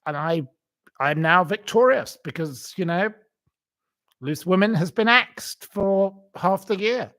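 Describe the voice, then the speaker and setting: A man's voice: high voice, lively intonation, slow, a bit bright, dry recording. A man hosting his own commentary channel, talking in a theatrical, indignant monologue with exaggerated swoops of emphasis. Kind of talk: opinionated monologue.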